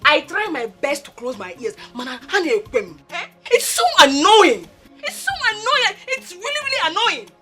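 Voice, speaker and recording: A woman's voice: extremely high pitch, very animated, normal speed. A Nigerian woman acting an annoyed young woman complaining about gossip, exasperated. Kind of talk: film drama. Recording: film soundtrack with music.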